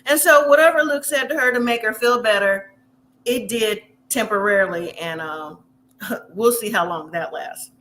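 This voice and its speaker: A woman's voice: mid-range voice, fairly bright tone, a little hiss or hum. A woman hosting a casual recap of a reality show, chatty and opinionated, talking straight to her viewers. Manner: slips into quick impressions of the people she describes. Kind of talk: casual episode recap commentary.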